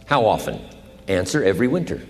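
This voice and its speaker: A man's voice: deep voice, big pitch swings, quick pace, long reverb tail, soft background music. A man giving a motivational lecture, explaining points and answering his own questions. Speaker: motivational speaker. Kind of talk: lecture-style speech.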